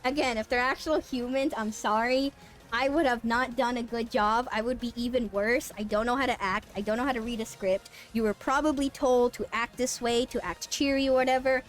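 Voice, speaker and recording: Young female streamer, high voice, loose, swearing, laughing, casual live chat. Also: fairly even intonation, brisk. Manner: rambling, sarcastic, laughing, swears freely.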